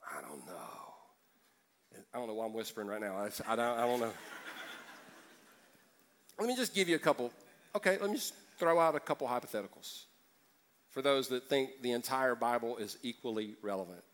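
A man's voice: medium pitch, lively intonation, a little fast, pauses often. A man preaching a sermon as pastor, joking and acting out voices from the congregation.

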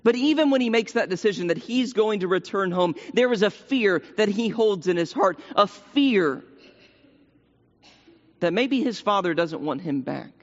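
A man's voice: sits high, expressive, normal speed. A man preaching a sermon in a church, earnest and repeating phrases for emphasis. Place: church sanctuary. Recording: long hall reverb, dull lo-fi sound.

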